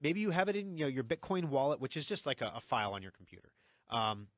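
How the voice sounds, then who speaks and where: A man hosting a radio talk show, excited and energized, talking fast with frequent restarts and repeated words. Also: medium pitch, dry recording. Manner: excited, fast talker who restarts often. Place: radio studio. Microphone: studio microphone.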